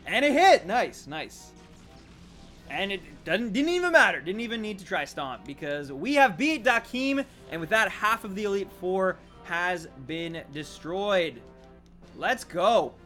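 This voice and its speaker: High, lively male game streamer. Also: measured pace, soft background music. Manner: excitable, chatty, thanks viewers. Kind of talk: live gameplay commentary.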